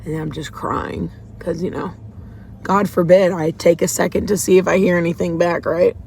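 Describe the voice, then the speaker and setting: A woman's voice: on the low side, flat delivery, normal speed, gravelly, darkish tone, slight background noise. A woman talking candidly and emotionally from a parked car in a parking lot, rambling a little as she shares her faith. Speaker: faith vlogger. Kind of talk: casual confessional vlog.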